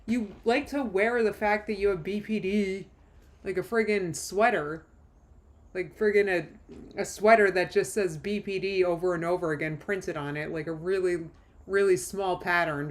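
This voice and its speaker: Snarky woman streamer reacting live. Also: medium pitch. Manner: chatty and snarky, laughs often, mocking asides. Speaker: drama commentary streamer. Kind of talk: live reaction stream, reading texts aloud.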